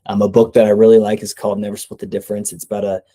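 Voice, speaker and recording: A man's voice: fairly low pitch, completely flat delivery, very fast, mellow. A young man giving casual sales coaching, talking conversationally and often checking in with "right?". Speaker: sales trainer.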